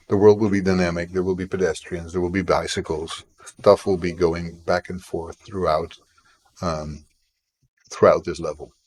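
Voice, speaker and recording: A man's voice: sits low, darkish tone. A man developing a game live on stream, chatting in a rambling, playful way with his viewers. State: tickle in the throat. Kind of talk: casual live-stream chat.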